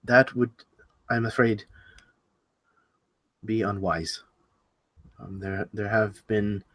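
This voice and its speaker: A man doing a quiet, anxious white rabbit. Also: on the low side, takes it slowly, husky, heavily acted. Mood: uneasy. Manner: quiet, hesitant.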